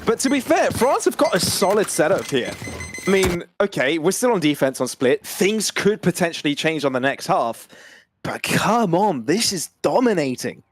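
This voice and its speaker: An esports caster giving expressive live color commentary with quick reactions. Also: mid-range voice.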